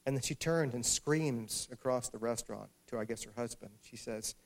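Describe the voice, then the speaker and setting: Gravelly man telling a wry story. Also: mid-range voice, moderate pace. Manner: wry anecdotal humor. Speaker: author giving a talk. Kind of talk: storytelling speech to an audience. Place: auditorium with a live audience.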